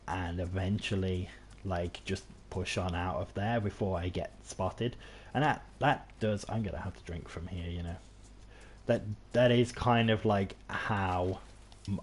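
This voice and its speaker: A man's voice: low voice, a little mellow, a little hiss or hum. A man with an English accent chatting casually while playing a game, rambling and self-deprecating with lots of restarts. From England. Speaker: game streamer. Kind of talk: casual gameplay commentary.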